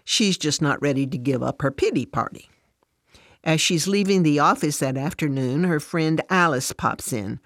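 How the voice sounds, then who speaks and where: A woman narrating a devotional story in a plain, steady way. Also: sits low, normal speed, no room sound, studio quality.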